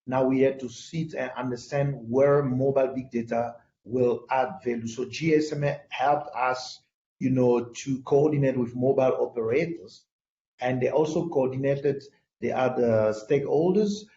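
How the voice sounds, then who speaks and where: Man, French accent, native French speaker, hesitant with fillers, mellow tone, echoey muffled call audio. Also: mid-range voice, moderate pace, slight background noise. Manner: hesitant, many fillers and restarts. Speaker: panel speaker. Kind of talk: online panel discussion. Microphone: video call.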